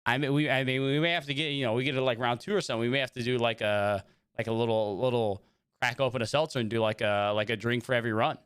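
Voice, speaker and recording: A man's voice: mid-range voice, fairly even intonation, fast talker, fairly bright tone, smooth, dry recording, clean studio sound. A young man chatting casually with his viewers while streaming a video game, rambling and greeting them by name. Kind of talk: casual livestream chat while gaming.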